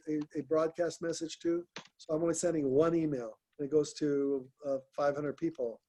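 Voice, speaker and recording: A man with a notably high voice coaches people on a group call. He talks in a direct, encouraging way and often restarts and repeats his words. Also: mellow. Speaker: host, business coach.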